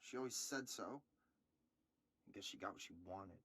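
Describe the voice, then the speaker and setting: A man's voice: fairly low pitch, normal speed, husky, no room sound. An actor voicing a withdrawn, resentful young man who sighs through questioning in a video game. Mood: bitter. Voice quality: sighing, flat and resentful. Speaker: interviewee.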